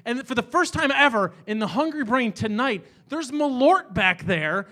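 A man's voice: very high voice, lively intonation, normal speed, hardly any pauses, sharp tone. A middle-aged man hosting a live comedy talk show in a small bar, rambling and self-deprecating, working up into exasperated rants. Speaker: host.

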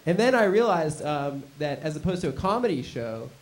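A man's voice: fairly high pitch, big pitch swings, fairly quick. A man doing a stand-up set, telling a rambling story. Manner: rambling storytelling, bursts into shouted mock slogans. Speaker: stand-up comedian.

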